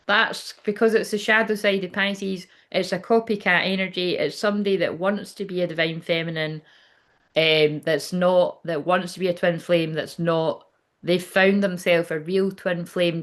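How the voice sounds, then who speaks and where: A woman with a fairly low voice talks through a tarot reading in a loose, casual way. She swears freely, laughs often and breaks off mid-thought. Her manner is chatty and unpolished. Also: fairly bright tone. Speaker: tarot reader.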